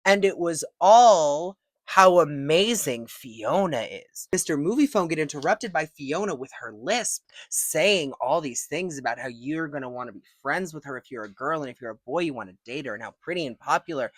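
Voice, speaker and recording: Young woman, movie recap, lively swooping voice, lowish pitch, laughs and swears, dry close sound. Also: normal speed, hardly any pauses, no room sound. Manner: animated, laughing, profane. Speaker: movie reviewer.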